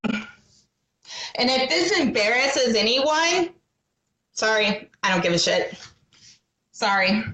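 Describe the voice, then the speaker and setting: A woman's voice: a little high, lively intonation, takes it slowly, pauses often, sharp tone. A woman talking into her phone on a livestream, agitated and defiant, swearing as she tells her own story. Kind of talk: emotional livestream monologue.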